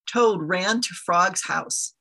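Congregation leader, woman, bright but breathy voice, gentle storytelling. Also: on the low side, slow. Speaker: interim leader of an ethical society. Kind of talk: reading a children's story aloud.

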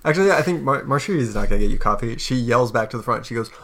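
A man running a tabletop game, narrating casually with plenty of fillers. His voice is mid-pitched with a gravelly edge. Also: expressive, rapid-fire, a bit bright. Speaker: game master.

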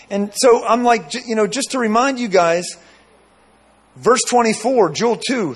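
A man's voice: high voice, moderate pace, breathy edge. A man preaching a sermon, telling a dream with many asides and repeated phrases.

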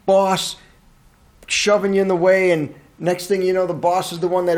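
A man with a fairly high voice hosts a casual movie-review podcast. He rants in an animated, incredulous way and swears freely. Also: normal speed. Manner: animated, profane, incredulous ranting.

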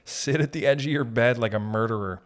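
A man's voice: mid-range voice, fairly quick. A man hosting a comedy podcast, rambling through jokes in a giggly, profane way as he jumps from one bit to the next. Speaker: podcast host.

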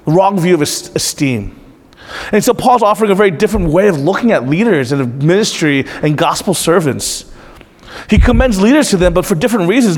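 A man's voice: sits high, long reverb tail. A man preaching as pastor in an earnest, emotional and confessional way, often asking his listeners questions. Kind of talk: sermon.

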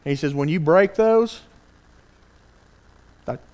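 A man preaching a sermon, earnest and animated, asking the congregation rhetorical questions. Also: high-pitched, normal speed.

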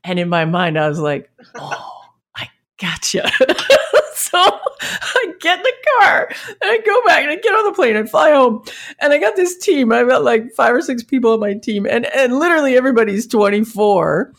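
A woman telling a work story to an interviewer in an animated, anecdotal way, laughing often as she goes. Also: on the high side, a little fast. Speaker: marketing leader.

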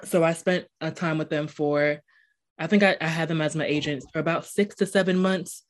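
A woman's voice: sits low, fairly even intonation, moderate pace. Chatty woman host, rambling questions. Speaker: podcast host. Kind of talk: casual interview chat.

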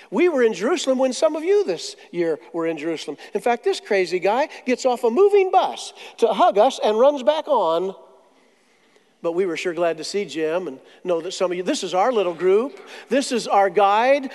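High-voiced preacher in a reverberant hall. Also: male voice. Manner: animated storytelling with jokes and dramatic pauses. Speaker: pastor. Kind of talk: sermon.

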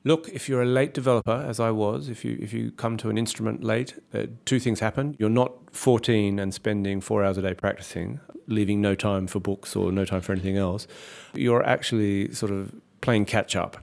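A man's voice: fairly low pitch, fairly even intonation, moderate pace, gravelly, few pauses, darkish tone. A middle-aged Australian man with an Australian accent, talking thoughtfully as an interview guest, with frequent restarts. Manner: thoughtful, many restarts and fillers. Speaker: conductor and author guest. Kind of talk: reflective interview talk.

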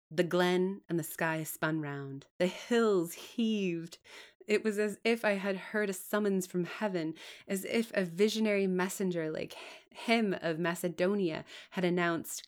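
A woman giving an expressive reading of a classic novel aloud, with emphatic pauses. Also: on the low side.

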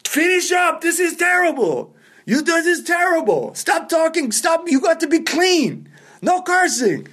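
A man putting on the voice of a male comedy club owner who yells and curses at people. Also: extremely high pitch, big pitch swings, a little slow, pitched above the performer's own voice, heavily acted. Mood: scolding. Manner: loud, explosive, profane yelling.

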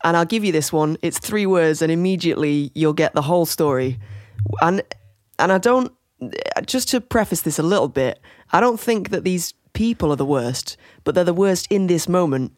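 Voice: medium pitch, expressive, moderate pace, no room sound. Emphatic podcast host, dry sound. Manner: emphatic, laughs often. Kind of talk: casual chat.

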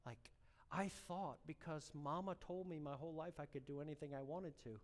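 A man preaching a sermon, telling a personal story with strong emotion and building to fervent, loud exhortation. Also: a little high, normal speed, big-room sound. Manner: emotional storytelling, rising to impassioned shouting.

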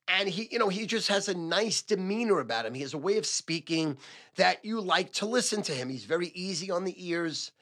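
A man in his sixties who advises sports gamblers, talking to camera in a casual, loud, profane monologue and repeating phrases for emphasis. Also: high voice, lively intonation, brisk.

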